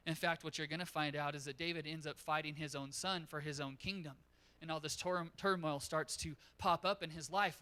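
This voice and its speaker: A man pastor preaching a sermon in a church, telling a story in an animated way. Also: on the high side, a little fast, few pauses, clean tone. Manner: animated storytelling, acts out quotes.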